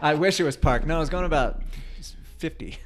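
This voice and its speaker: A man's voice: fairly high pitch, fairly quick, a little hiss or hum. A man chatting on a podcast, making dry offhand jokes. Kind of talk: casual chat.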